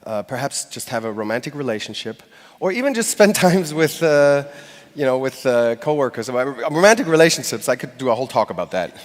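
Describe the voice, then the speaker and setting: A man's voice: mid-range voice, animated, a little fast. A man giving a conversational talk on stage, speaking directly to a live audience. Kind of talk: conference talk. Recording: long hall reverb.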